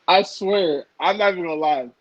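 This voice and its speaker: A young man from Michigan co-hosting a casual podcast, a lively storyteller who teases playfully. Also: high-pitched, a little fast, no echo. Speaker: podcast co-host. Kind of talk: casual chat. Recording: dull lo-fi podcast audio.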